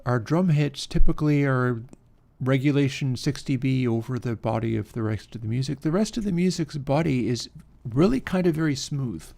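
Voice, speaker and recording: With a gravelly, mid-range voice, a man on a livestream talks casually and musingly through the technical details of the audio he's editing, relaxed and speaking as he works.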